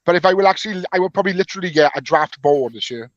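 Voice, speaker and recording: A man with a North Welsh accent, co-hosting a podcast with quick, self-mocking banter over a dull remote mic. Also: high voice, lively intonation, dry recording. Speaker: podcast co-host. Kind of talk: casual chat.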